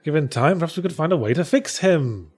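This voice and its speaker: A man's voice: a little high, animated, brisk, slightly rough. A man, the developer of a game, giving wry, casual let's-play commentary while explaining its mechanics. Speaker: game developer playing his own game.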